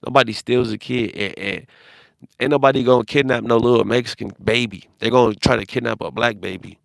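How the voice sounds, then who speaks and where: A man's voice: medium pitch, steady tone, quick pace, vocal fry, dry recording, clean studio sound. A man on a phone livestream, talking in a rambling, profane way with lots of restarts.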